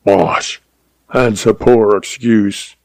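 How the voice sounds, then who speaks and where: A man voicing a gruff, bullying older stepfather on a ranch who roars and snarls his words. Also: mid-range voice, measured pace, darkish tone, no room sound. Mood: angry. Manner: roaring, snarling and rude.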